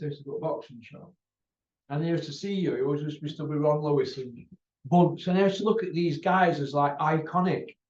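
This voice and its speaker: A man's voice: medium pitch, darkish tone. A man ranting off the cuff to camera about boxing, blunt and mocking, calling people out by name. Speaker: boxing vlogger. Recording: roomy, distant, dull sound.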